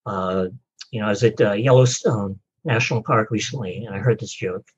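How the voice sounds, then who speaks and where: Guest author, male, husky and easygoing, slightly muffled recording. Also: fairly low pitch, fairly quick. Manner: relaxed storytelling, frequent uh fillers. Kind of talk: podcast interview.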